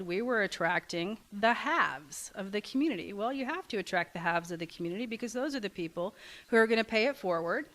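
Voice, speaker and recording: A middle-aged woman from Kentucky, founder of a community café, giving a talk and telling a story with frequent "um"s and restarts. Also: mid-range voice. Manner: warm storytelling with hesitant fillers. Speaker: nonprofit café founder and director. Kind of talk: talk to a congregation.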